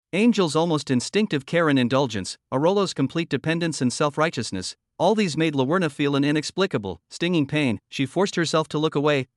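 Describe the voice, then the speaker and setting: Steady male recap narrator, fairly high. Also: no room sound, studio quality. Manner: steady, even delivery.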